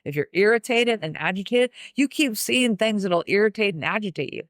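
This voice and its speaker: A woman hosts a podcast and delivers an upbeat motivational pep talk. She talks emphatically and repeats key phrases for effect. Her voice sits at a middle pitch, recorded dry and close. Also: expressive, fairly quick, dry recording. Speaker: podcast host.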